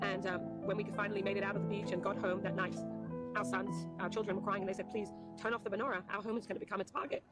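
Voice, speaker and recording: A woman's voice: mid-range voice, little pitch movement, very fast, loud music behind the voice. A woman who runs a Chabad center, speaking passionately and emphatically in an interview. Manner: passionate and emphatic, defiant declarations. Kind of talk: emotional interview.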